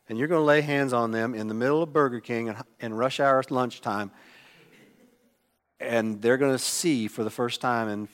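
A man preaching a sermon, emphatic, swinging between loud exclamations and hushed asides. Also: mid-range voice. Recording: long hall reverb.

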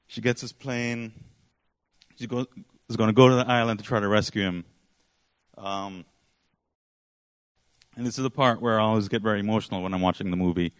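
A man's voice: on the low side, fairly even intonation, brisk, pauses often, clear, resonant tone, no room sound. A man preaching a sermon, retelling a story in a rambling, casual way with frequent fillers.

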